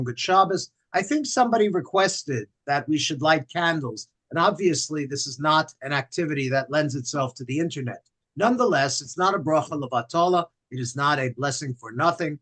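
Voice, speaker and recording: An older man with a slightly high voice leads a synagogue service as rabbi. He cracks self-deprecating jokes and teaches the congregation a song line by line, in call-and-response. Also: fairly bright tone. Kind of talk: livestreamed Friday night service with teaching and song. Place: synagogue sanctuary.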